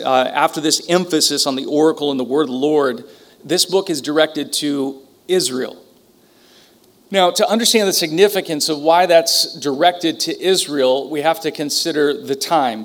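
Man teaching a sermon, fairly high-pitched. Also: fairly bright tone. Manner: conversational, with frequent fillers and restarts. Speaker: pastor.

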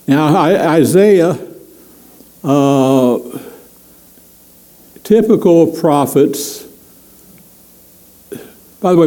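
A man's voice: a little high, warm tone, poor audio. A man preaching a conversational sermon as pastor, chatty with frequent chuckles and many fillers.

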